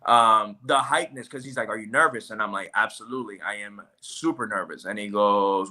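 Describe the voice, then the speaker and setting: Guy on a podcast, really bright voice, animated, acts out what people said. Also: fairly low pitch, fairly quick, few pauses. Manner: animated storyteller, acts out quotes. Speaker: podcast guest. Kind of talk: casual podcast chat.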